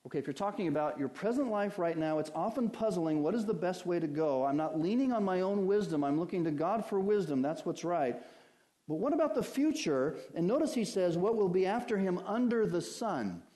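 A man delivers a sermon in a warm, relaxed tone, his voice sitting a bit higher than most. He moves from scripture to everyday stories, asking his listeners one rhetorical question after another. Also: brisk, few pauses. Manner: conversational preaching with lively anecdotes and rhetorical questions. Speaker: pastor.

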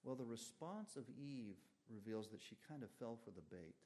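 A man's voice: expressive, normal speed, mellow. Emphatic male preacher giving a sermon. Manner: emphatic, rises and falls sharply in pitch and volume.

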